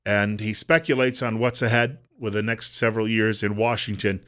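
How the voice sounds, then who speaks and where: A man's voice: lowish voice, steady tone, moderate pace, a bit bright, clean tone. A male radio talk host in casual commentary, talking conversationally with frequent fillers and restarts.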